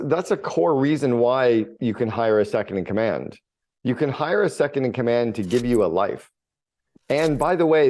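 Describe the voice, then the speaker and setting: A man's voice: medium pitch, a little mellow. A middle-aged man telling stories bluntly in a casual podcast conversation, with the odd swear word. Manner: blunt, storytelling with mild swearing. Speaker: business coach and author.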